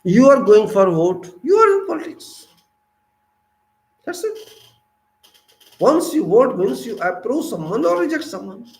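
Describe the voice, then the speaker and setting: A man in his fifties with an Indian English accent, giving an impassioned monologue full of rhetorical questions, swinging between loud and soft. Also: extremely high pitch, big pitch swings, a little slow, pauses often, echoey room, poor audio. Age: 50s. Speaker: civic commentator.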